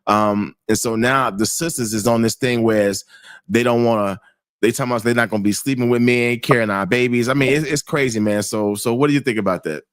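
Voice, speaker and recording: A man hosting a casual chat, speaking in a halting, conversational way and repeating words. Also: mid-range voice, fairly even intonation, no room sound. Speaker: host.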